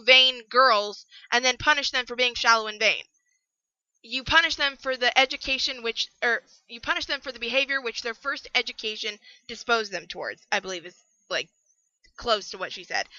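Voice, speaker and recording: A young woman with a high, very bright voice rants through a book review, swinging from mutters to outright yelling. The sound is dry and close, with a slightly dull, lo-fi edge from a home setup. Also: dry recording. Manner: animated, ranting, bursts into yelling.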